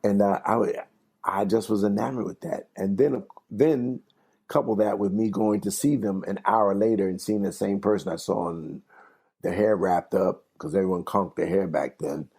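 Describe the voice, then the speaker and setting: A man's voice: fairly low pitch, fairly even intonation, normal speed, darkish tone, slightly rough. An older man from New York, a jazz singer giving an interview, telling stories animatedly with frequent laughs and restarts. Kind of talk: casual storytelling interview.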